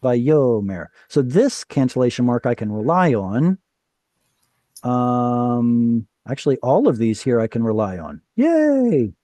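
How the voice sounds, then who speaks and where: A man's voice: medium pitch, measured pace, mellow, dry recording. A man teaching a Hebrew reading class over a video call, explaining patiently, quizzing his students and correcting himself as he goes.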